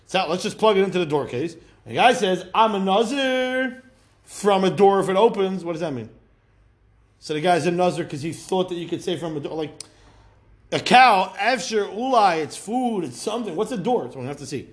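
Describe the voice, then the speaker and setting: A man giving a daily Talmud class, playful and animated, mixing Hebrew and Yiddish terms into his English and slowing down to read quoted texts. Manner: lively pitch swings, slows for quoted texts. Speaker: Talmud teacher.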